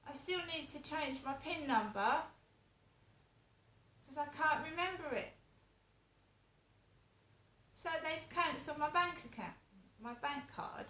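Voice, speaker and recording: A woman's voice: high voice, measured pace, pushed and bright. Indignant woman ranting. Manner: indignant, repetitive complaining, swears. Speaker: vlogger. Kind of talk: casual ranting monologue. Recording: echoey room with faint ambient noise.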